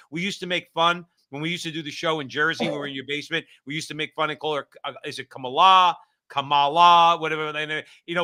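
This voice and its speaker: A man's voice: fairly high pitch, pushed and bright. A man co-hosting a political talk show, speaking emphatically and repeating phrases for stress. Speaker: co-host.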